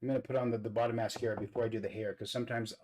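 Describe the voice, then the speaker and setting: A man's voice: lowish voice, steady tone, rapid-fire, a little mellow, slight background noise, rough recording. Earnest man talking through his makeup. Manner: earnest, repeats words while searching for them. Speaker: vlog host. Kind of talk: casual talk while doing makeup.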